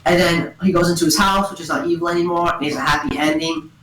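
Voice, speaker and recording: A woman talks into a gaming headset at home, tumbling through a story in a giggly, rambling rush. Her voice sits a little low, and the sound carries a roomy echo. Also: fast talker, a little hiss or hum. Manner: excitable, giggly, full of "and then" and "like". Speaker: storyteller among friends. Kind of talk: casual rambling retelling over voice chat.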